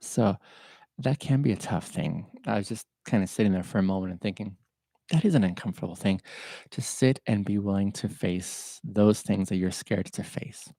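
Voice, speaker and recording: A man hosting a podcast livestream, talking gently and earnestly, open about his emotions, reflective and encouraging toward his viewers. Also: on the low side, normal speed, creaky, dry recording. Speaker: podcast host.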